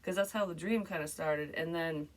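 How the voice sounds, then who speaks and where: A woman's voice: sits low, moderate pace. A woman psychic casually retelling a strange dream to camera, rambling, swearing and filling with "like". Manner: rambling, animated, swears freely, frequent "like" fillers. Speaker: psychic medium sharing a dream.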